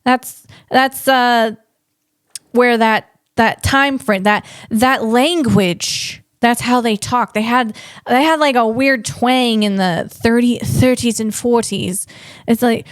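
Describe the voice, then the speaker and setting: A woman's voice: on the high side, takes it slowly, clear, resonant tone, dry recording, studio quality. A woman podcast host and comedian chatting casually on her own, rambling and poking fun at herself. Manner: rambling, self-deprecating, chuckles at own jokes. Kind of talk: casual solo chat.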